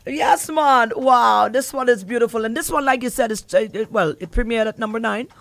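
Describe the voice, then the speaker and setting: A woman hosting a casual radio interview, excitable and quick to laugh, hyping up the music. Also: on the high side, dry recording. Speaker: radio host.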